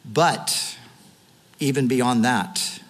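A man's voice: mid-range voice, drawn-out words, long reverb tail. A man preaching a sermon, earnestly retelling scripture with quoted dialogue. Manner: closing in prayer. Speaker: pastor.

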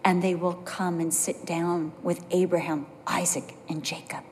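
A woman preaching a sermon, telling personal stories in an animated way and dropping to a low, soft voice for emphasis. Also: a little slow, slight background noise. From California. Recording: long hall reverb.

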